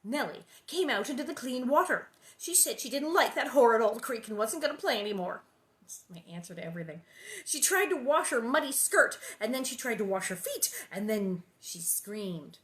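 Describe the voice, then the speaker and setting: A woman's voice: fairly high pitch, expressive, moderate pace. A woman hosting a read-aloud of a children's book, narrating and breaking off for chatty, amused asides.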